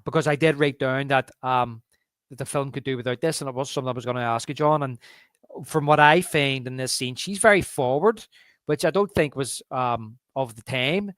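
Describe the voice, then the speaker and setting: A man co-hosting a movie podcast, walking through scenes with eager, rambling enthusiasm. His voice sits at an ordinary middle pitch. The sound is dry and close, with no room around it. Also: normal speed, a bit bright, no echo. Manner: enthusiastic, quotes lines from the film. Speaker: podcast co-host. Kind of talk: casual movie review chat.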